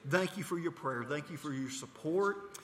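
Fervent, bright-voiced preacher man. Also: fairly high pitch, expressive, moderate pace, big-room sound, a little hiss or hum. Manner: storytelling, repeating "she said" and building to fervent intensity; frequent hesitations and restarts. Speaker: mission preacher. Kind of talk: testimony sermon.

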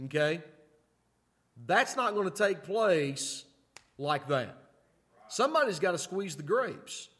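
A man preaching a sermon in a folksy way, often asking "okay?" and moving between loud emphatic lines and quiet asides. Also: sits high. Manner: folksy, repeats "okay?" to check in with listeners. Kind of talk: sermon teaching.

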